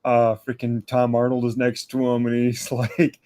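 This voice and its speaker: A man's voice: mid-range voice, monotone, normal speed, warm tone, dry recording, clean studio sound. A man leaving a rambling, casual voice message for a podcast, tagging "eh" onto his sentences. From Minnesota, USA. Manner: rambling, ends sentences with a questioning "eh".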